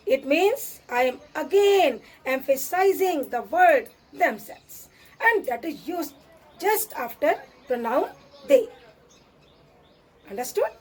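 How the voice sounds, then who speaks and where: A woman teaching grammar in a high, animated voice that swoops up and down. She talks slowly and patiently, saying each example sentence again and again. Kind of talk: classroom grammar lesson.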